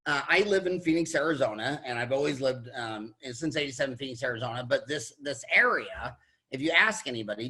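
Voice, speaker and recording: Forceful husky older man telling stories. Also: medium pitch. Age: 60s. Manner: animated storyteller, quick restarts, acts out quotes. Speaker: podcast host, dentist. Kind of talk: casual chat, storytelling.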